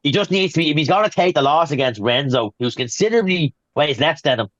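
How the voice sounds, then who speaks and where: A man co-hosting a casual wrestling podcast, telling stories in a rapid rush. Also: on the high side, lively intonation, fairly bright tone, dry recording, dull audio. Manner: rapid storyteller, acts out quotes. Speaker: podcast co-host. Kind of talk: casual chat.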